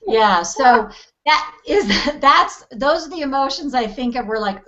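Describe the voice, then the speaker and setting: A woman's voice: sits high, lively intonation, a little slow, fairly bright tone, muffled recording. A woman guest in a casual interview, talking animatedly and acting out quoted voices with easy laughs. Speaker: interview guest, EFT practitioner.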